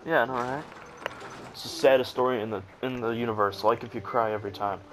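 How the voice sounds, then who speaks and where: A man's voice: medium pitch, fairly even intonation, fast talker, poor audio. A young man commentating casually over gameplay, crude and joking, swearing a lot. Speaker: gamer. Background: game music.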